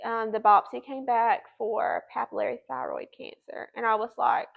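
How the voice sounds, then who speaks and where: A woman's voice: a little high, fairly even intonation, moderate pace, vocal fry, narrow, tinny audio. A woman, telling her personal story to a host in an earnest, chatty way. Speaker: guest.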